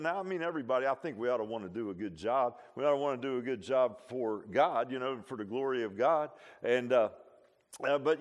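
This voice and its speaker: A male pastor delivering a sermon with a fairly high-pitched voice. He talks in a homespun, conversational manner, and he keeps circling back with emphatic asides and repeated phrases. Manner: repeats himself and restarts often.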